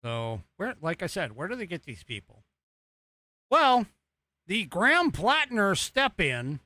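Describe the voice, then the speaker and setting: A man's voice: high-pitched, pushed and bright, no echo. A man hosting a political talk show, rambling and exasperated, with sarcastic asides and an American accent. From United States. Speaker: podcast host. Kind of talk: casual political commentary.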